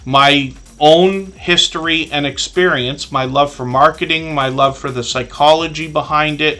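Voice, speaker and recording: Male live stream host, bright tone, casual rambling delivery with fillers, earnest. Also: mid-range voice.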